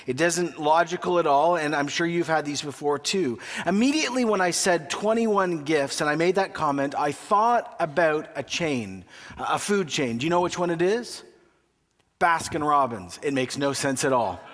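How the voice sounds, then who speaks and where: A man's voice: fairly high pitch, expressive, moderate pace, a bit bright. A man preaching a sermon as a pastor, with a conversational, joking style and frequent questions to the congregation. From Canada. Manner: conversational and humorous, asks the audience questions. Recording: long reverb of a large hall.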